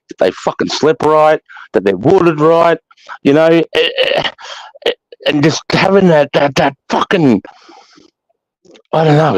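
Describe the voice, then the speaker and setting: With a fairly high pitch, an Australian man hosting a live chat speaks bluntly, swearing heavily and preaching with emphasis in casual monologue. The recording is dull, lo-fi and dry, with no room sound.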